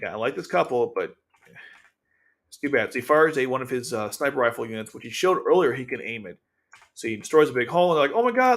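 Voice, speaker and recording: A man's voice: medium pitch, a bit bright. Rambling man recapping an anime episode. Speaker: anime reviewer and channel host. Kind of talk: casual episode commentary over video.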